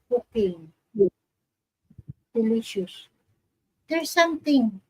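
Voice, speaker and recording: Slow-talking woman on a live stream. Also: a little high, breathy edge, poor audio. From Philippines. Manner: chatty, reads viewer comments aloud, laughs often. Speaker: vlogger hosting a live stream. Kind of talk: casual live-stream chat.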